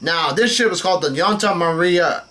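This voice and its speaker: Guy reading a comic out loud, kinda high bright voice, stumbles on names a lot. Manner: halting, stumbles over names while reading. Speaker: manga reaction channel host. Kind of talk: reading a comic chapter aloud.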